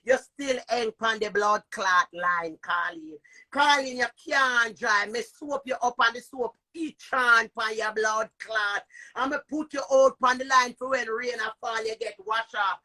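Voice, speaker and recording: A middle-aged Jamaican woman rants on a phone stream, her voice high and cutting. She shouts, curses and repeats her taunts without pause. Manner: cursing, shouting, repetitive taunts. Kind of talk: heated live-stream rant.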